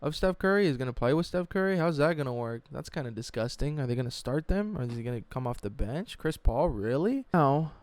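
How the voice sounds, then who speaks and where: A man telling a sports story in a mocking, animated, profane way, as a sports YouTuber. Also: medium pitch, fairly quick, hardly any pauses.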